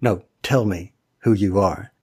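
A man's voice: on the low side, unhurried, dark tone, husky. A man reciting River Song's confrontation with the Doctor from memory, in close to his own voice. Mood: accusing. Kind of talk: recited dramatic monologue.

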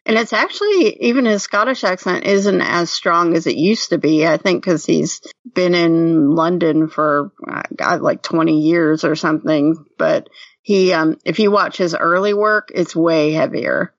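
A woman's voice: fairly low pitch, measured pace, no echo. A woman co-hosting a podcast, chatting casually and giving frank opinions with plenty of fillers. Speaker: podcast co-host. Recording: muffled lo-fi, off-mic.

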